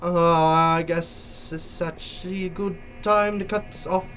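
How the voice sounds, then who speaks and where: A man's voice: fairly high pitch, steady tone, takes it slowly, a bit bright, soft background music. A young man with a sore throat giving jokey, theatrical let's play commentary as a gaming YouTuber.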